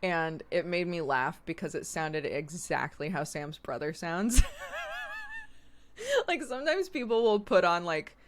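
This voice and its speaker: A woman's voice: on the low side, expressive, a little slow, a little hiss or hum. A woman streamer chatting casually, telling stories with frequent laughter and casual swearing. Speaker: streamer host. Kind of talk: casual chat.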